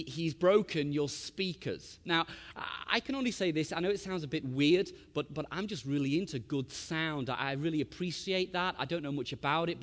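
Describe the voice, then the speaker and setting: Guy preaching, higher voice, gets loud then goes quiet, tells stories. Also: big-room sound. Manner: animated, swings from loud to hushed. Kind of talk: sermon with storytelling.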